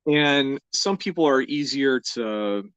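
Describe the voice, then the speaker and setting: A man's voice: mid-range voice, lively intonation, slow, a bit bright, clear, resonant tone, no room sound. A young American man hosting a live drawing stream, chatting in a rambling, easygoing way with lots of fillers and small laughs. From United States. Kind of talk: casual live-stream chat.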